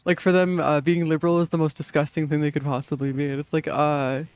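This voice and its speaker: A man's voice: fairly high pitch, flat delivery, fast talker, darkish tone, smooth. Rambling young man streaming a game. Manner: rambling, laughing, swears often, many fillers. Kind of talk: casual gaming stream chat.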